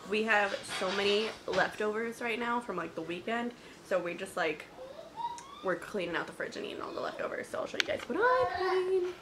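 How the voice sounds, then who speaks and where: A young woman chatting casually to her viewers at home in a family vlog, switching between baby talk to her daughter and relaxed chat to the camera. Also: medium pitch, a little fast, noisy background. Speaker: family vlogger.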